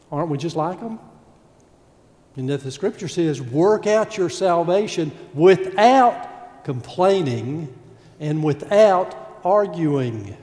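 Male pastor, high mellow voice, lively sermon, long sanctuary reverb. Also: slow pace, pauses often. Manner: animated preaching, acting out grumbling voices.

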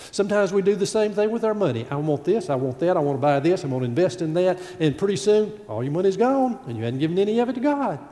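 High-voiced preacher in a reverberant sanctuary. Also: male voice. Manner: animated preaching, acting out grumbling voices. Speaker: pastor. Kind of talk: sermon.

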